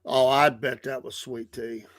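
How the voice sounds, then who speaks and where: A man's voice: medium pitch, flat delivery, a little slow, fairly bright tone, no room sound. Teasing man in his sixties, dry sound. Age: 60s. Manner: teasing, easygoing. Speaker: show co-host. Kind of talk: casual chat.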